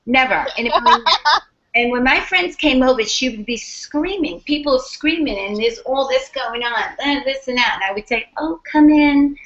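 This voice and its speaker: A woman author chatting casually in an interview, telling animated stories with plenty of profanity and acted-out quotes. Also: a little high. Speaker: author guest. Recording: dull lo-fi podcast audio.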